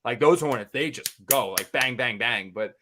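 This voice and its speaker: A young man on a podcast, telling a rambling, animated story full of fillers and restarts. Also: mid-range voice, normal speed, noisy background. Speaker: podcast co-host.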